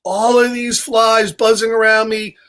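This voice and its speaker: A man's voice: high voice, little pitch movement, unhurried, a bit bright. A man voicing a whiny stubborn storybook pigeon. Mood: huffy. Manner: whiny, protesting, melodramatic. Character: stubborn grubby male cartoon pigeon, dramatic. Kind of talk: storybook read-aloud.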